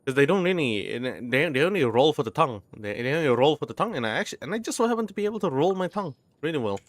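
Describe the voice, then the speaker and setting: A man's voice: a little high, sing-song, rapid-fire. Rambling young man streaming a game. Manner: rambling, many restarts, sounding out words. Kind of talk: casual stream chat.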